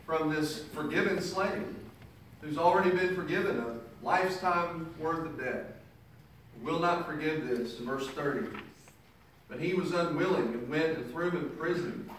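A man's voice: fairly high pitch, a little hiss or hum. A man preaching a sermon, reading scripture verses and then explaining them in his own words with emphasis. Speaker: pastor. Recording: echoey room picked up from a distance.

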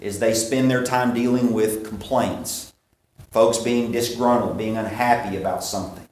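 A man preaching a sermon, asking questions and answering them himself, slowing down to stress key points. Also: medium pitch. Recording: very echoey hall.

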